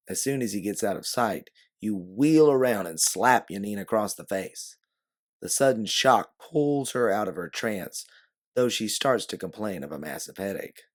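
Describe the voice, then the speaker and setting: A man narrating an audiobook in second person with a steady, descriptive delivery. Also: lowish voice, normal speed.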